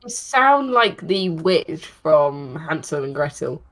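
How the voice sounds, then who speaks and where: A woman's voice: sits low, big pitch swings, slow pace. A woman co-hosting a casual podcast, teasing her co-host and telling stories. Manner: teasing, storytelling. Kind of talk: casual chat.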